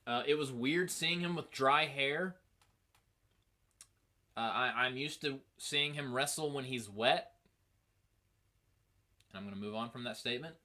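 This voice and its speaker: A man hosting a casual review show, talking in an animated, rambling, profane way. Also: medium pitch, measured pace, pauses often. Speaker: host.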